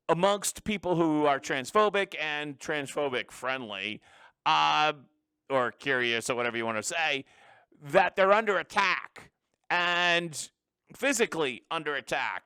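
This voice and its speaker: Bright, emphatic male commentary host. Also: a little high, clean tone, no room sound, studio quality. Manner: emphatic, opinionated, with frequent restarts. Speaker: political commentary show host. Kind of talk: solo political commentary.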